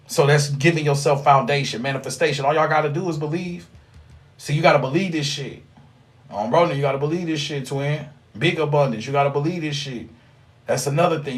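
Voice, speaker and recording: Young man, slightly high voice, animated and profane, rambling vlog monologue. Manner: animated, profane, rambling, with sudden loud outbursts. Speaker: spiritual vlogger. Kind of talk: casual spiritual monologue.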